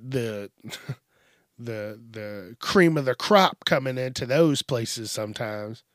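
A man's voice: medium pitch, dry recording, clean studio sound. A man hosting a podcast, ranting in a casual, profane monologue and acting out rude customers. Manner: profane, animated, acts out quoted rude customers. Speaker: podcast host.

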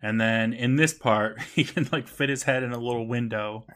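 A man's voice: mid-range voice, normal speed, a bit bright. A man co-hosting a podcast, casually recapping an episode with lots of laughter and swearing, often mimicking the characters. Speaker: podcast co-host.

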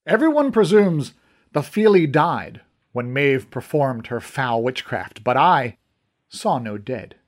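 A man's voice: mid-range voice, big pitch swings, slow. A man voicing a stern, formal master archer. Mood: grave. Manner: formal, old-fashioned courtly speech. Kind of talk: audiobook character reading.

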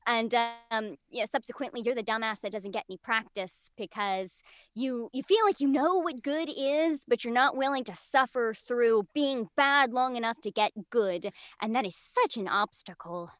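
A woman chats as a podcast guest, rambling through her thoughts and laughing often. Her voice is a little high for a woman. The sound is dry and close to the mic. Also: moderate pace, a bit bright, dry recording. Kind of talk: casual chat.

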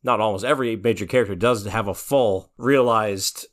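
A man co-hosting a podcast, casually retelling cartoon plots in a relaxed storytelling way. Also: lowish voice, normal speed. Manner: narrates plot in a relaxed, storytelling way. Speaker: podcast co-host. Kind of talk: casual chat recapping a cartoon.

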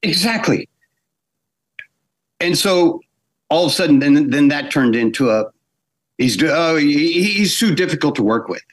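A man with a slightly high voice spins lively anecdotes in a relaxed interview. He acts out what people said and often stumbles and restarts mid-phrase. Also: moderate pace, long pauses. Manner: animated anecdotes with acted quotes, frequent restarts. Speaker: animator guest. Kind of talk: casual storytelling interview.

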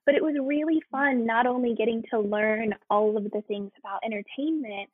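An American woman talks about her theme park job in an easygoing, self-deprecating way, laughing at herself often. Her voice sits a little high and sounds slightly husky. It comes through a thin, phone-like call with a dry sound. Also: normal speed, no echo. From United States. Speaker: guest, theme park entertainment cast member. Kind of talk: casual interview. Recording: tinny phone-like line.

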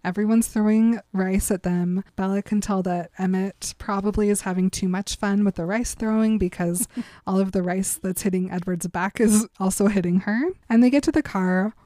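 A woman's voice: mid-range voice, steady tone, moderate pace, mellow, dry recording. Chatty giggly woman recapping a book. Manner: chatty, giggly storytelling with lots of "like". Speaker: podcast co-host. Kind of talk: casual book recap chat.

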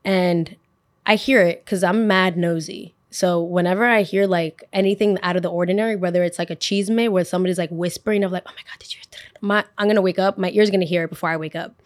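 A woman's voice: lowish voice, fast talker, no echo. A young woman telling a personal story in casual podcast storytelling, acting out what everyone said. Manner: animated, acts out quotes of others. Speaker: podcast host.

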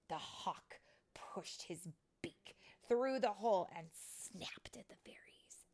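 A mother reading a picture book aloud to her child, slow and expressive, often sinking to a whisper. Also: mid-range voice.

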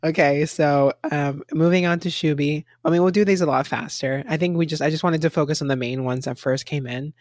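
A man's voice: fairly high pitch, fairly even intonation, a little fast, hardly any pauses, dry recording, clean studio sound. A young man co-hosting a casual chat, rambling with lots of "like" and frequent laughs. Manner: rambling, heavy use of "like", laughs often. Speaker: podcast co-host. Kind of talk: casual chat reviewing a reality show.

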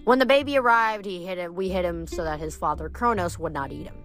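A woman reading aloud, voicing a bitter, vengeful ancient female water nymph in a slow, menacing way. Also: lowish voice, a bit bright, soft background music.

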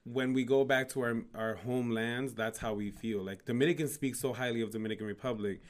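A man chatting casually, telling stories in an animated way with slang and many fillers. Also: medium pitch, a little fast. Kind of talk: casual chat.

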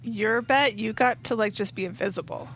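A woman's voice: a little high, moderate pace, a bit bright, slight background noise. A woman co-hosting a casual film chat, easygoing and a bit hesitant with repeats. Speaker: co-host.

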